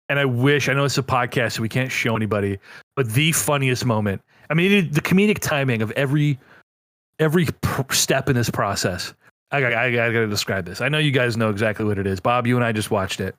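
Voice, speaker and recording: Co-hosting a casual gaming podcast, a man tells a story with lots of energy and some swearing. He talks briskly at medium pitch, and the clean studio recording has no room sound.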